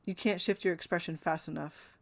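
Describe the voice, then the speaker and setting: Streaming a story game, a woman reads its dialogue and narration aloud with expression and drops in her own comments between lines. Her voice is lowish and gravelly, with fairly even intonation and a slightly fast pace.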